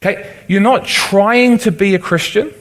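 A man's voice: sits high, unhurried, a bit bright. A man with a Liverpool accent preaching a teaching sermon and often checking in with his listeners. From Liverpool, England. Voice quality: conversational, asks the room for agreement.

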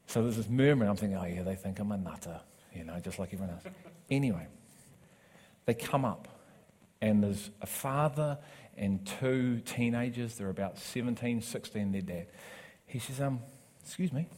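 A man's voice: mid-range voice, moderate pace, pauses often. New man preaching a story. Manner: animated storytelling with acted quotes, rising to loud emphatic preaching. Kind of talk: sermon storytelling.

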